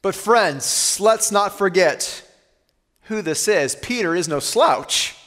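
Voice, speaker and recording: A man preaching a sermon as pastor, earnest, slowing and softening on weighty lines. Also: high-pitched, lively intonation, in a large hall.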